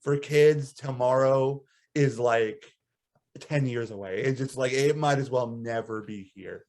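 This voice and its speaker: A man co-hosting a casual podcast chat, telling a story in an animated way and breaking into high laughter. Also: a little slow. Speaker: podcast co-host.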